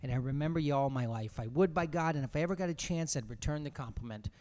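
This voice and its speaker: A man's voice: a little high, fast talker, darkish tone, close to an everyday voice. A man voicing a drunken, sly beggar who pleads in a coaxing, self-pitying way with drunken dignity. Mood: effusive.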